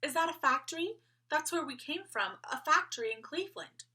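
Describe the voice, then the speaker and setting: A woman voicing a calm, polite doll mother in a storybook read-aloud, speaking slowly and deliberately. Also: high-pitched, recorded from a distance, voice pushed up. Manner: slow, deliberate, plain.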